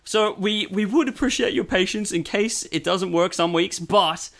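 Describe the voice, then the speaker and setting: A man's voice: sits high, normal speed, vocal fry, fairly bright tone. A man co-hosting a podcast, talking in an earnest, encouraging casual way. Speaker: podcast co-host. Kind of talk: casual chat.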